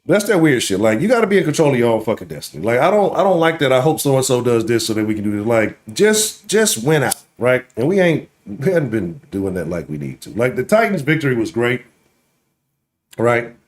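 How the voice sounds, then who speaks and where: A man in his late thirties hosts a loose sports talk livestream and talks straight to his viewers. His pitch swings up and down as he riffs. He curses his way through the trash talk and tags his points with a quick "right?". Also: sing-song. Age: late 30s. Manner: profane trash talk, keeps asking "right?". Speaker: sports talk show host.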